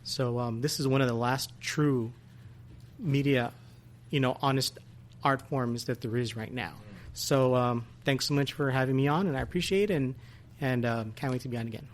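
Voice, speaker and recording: A man's voice: medium pitch, a little hiss or hum. A man who is a guest on a podcast, giving earnest thanks and a plug while stumbling a little over his words. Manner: earnest, a bit halting. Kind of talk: casual chat, giving plugs and thanks.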